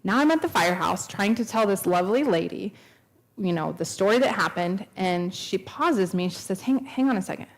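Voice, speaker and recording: A woman's voice: mid-range voice, lively intonation, normal speed. A woman in her thirties telling a personal testimony at a church, earnest and storytelling, acting out the dialogue she quotes. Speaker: speaker at a church. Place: church sanctuary.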